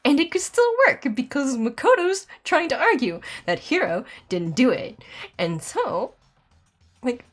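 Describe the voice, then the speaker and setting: A woman streamer giving exasperated, rambling gameplay commentary, filling her rant with "like" and pushing her voice higher as she gets angry. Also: big pitch swings, unhurried, soft background music. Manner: exasperated, rambling, heavy use of "like"; voice climbs high when angry. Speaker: let's play streamer.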